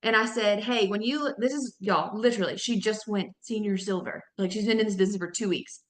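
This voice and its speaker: Upbeat woman in her 30s pepping up her sales team, says y'all a lot, voice leaps up when excited, echoey room. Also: fairly quick. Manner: energetic, addresses the audience as y'all, pitch jumps up when excited. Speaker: network marketing team leader. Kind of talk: motivational team training talk.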